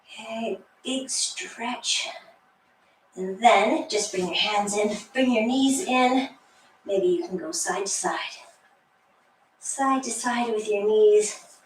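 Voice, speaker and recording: A woman's voice: medium pitch, takes it slowly, pauses often, distant mic. Woman, fitness instructor, encouraging, slightly breathless, roomy echo, faint hiss. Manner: encouraging, counts down, light laughs. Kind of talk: guided workout instruction. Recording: echoey room, voice off-mic, faint hiss.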